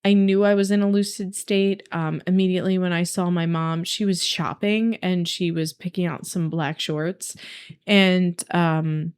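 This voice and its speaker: A woman's voice: fairly low pitch, steady tone, unhurried, darkish tone, clear, resonant tone. A young adult woman telling a casual personal vlog about her meditation experiences, earnest and reflective, with frequent ums and likes. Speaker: vlogger sharing a meditation journey.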